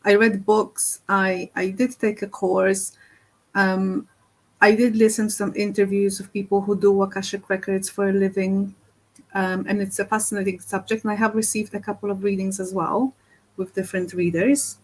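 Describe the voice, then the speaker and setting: A woman's voice: mid-range voice, little pitch movement, moderate pace, rough recording. A woman who is a spiritual medium and healer, hosting a casual podcast chat and talking hesitantly, with many fillers and restarts.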